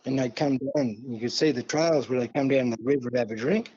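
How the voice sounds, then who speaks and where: An older man from New South Wales with an Australian accent, telling a long story in a relaxed interview and acting out the dialogue. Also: mid-range voice, brisk, husky. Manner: yarning, acts out dialogue, many "see?" and "mate". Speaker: guest elder. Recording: dull lo-fi sound.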